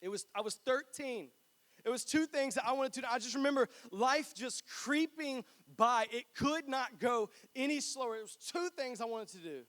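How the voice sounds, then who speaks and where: A man's voice: very high-pitched, normal speed, fairly bright tone. A pastor in his twenties, from North Carolina, preaching a sermon in a church in a chatty, joking, storytelling way. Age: 20s.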